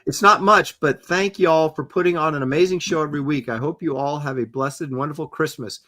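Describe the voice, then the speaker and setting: A man's voice: a little high, fairly quick, few pauses, sharp tone. A middle-aged man hosting a casual art livestream, reading donations and teasing the chat. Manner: playful, teasing, mock-reads comments aloud.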